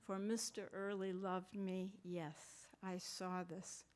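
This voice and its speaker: Slow, measured woman reading fiction. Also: medium pitch, level tone, darkish tone. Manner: measured, deliberate reading with brief asides. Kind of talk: literary reading. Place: conference reading.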